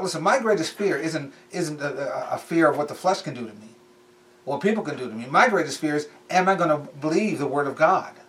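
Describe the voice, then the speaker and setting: A man's voice: a little high, a bit bright, distant mic. A man preaching in a casual, conversational way, repeating phrases for emphasis. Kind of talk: sermon.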